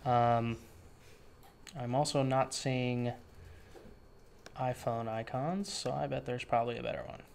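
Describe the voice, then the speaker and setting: Guy narrating his screen while he works, mid pitch, laid back and a bit sarcastic, faint hiss behind. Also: steady tone, unhurried, gravelly, long pauses, a little mellow. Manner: casual, offhand, dry sarcastic asides, thinks aloud. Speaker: web developer teaching a tutorial. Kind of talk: screen-share coding tutorial.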